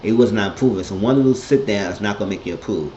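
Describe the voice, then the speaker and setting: Low-voiced man giving a blunt recap. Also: rapid-fire, a little hiss or hum. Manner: animated, blunt, profane storytelling. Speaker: TV episode reviewer. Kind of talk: casual recap monologue. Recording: echoey, dull lo-fi room sound.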